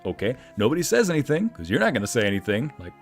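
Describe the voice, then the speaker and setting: A man's voice: mid-range voice, racing. A man streaming a game, telling a story in casual chat and acting out the quoted lines in a raised voice. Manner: animated, acts out quotes in a raised voice. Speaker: streamer and narrator. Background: faint background music.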